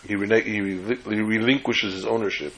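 A man's voice: on the low side, fairly even intonation, normal speed, a bit bright, slight background noise, low-quality recording. A man giving a Torah class lecture, explaining step by step and often restarting or rephrasing words mid-sentence. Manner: tells jokes as illustrations. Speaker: Torah teacher.

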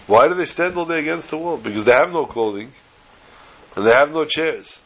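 A man's voice: a little high, animated, fairly quick, a bit bright, low-quality recording. A man telling a folk tale in a chatty, digressive way, sprinkling in Yiddish phrases and asides. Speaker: storyteller. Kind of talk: folksy storytelling with Yiddish phrases.

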